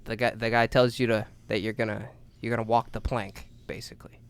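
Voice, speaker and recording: A young man co-hosting a podcast, telling a long story in a loose, profane way, acting out voices and shouting at the big moments. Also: lowish voice, level tone, fairly quick, smooth. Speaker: podcast co-host. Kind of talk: casual storytelling chat.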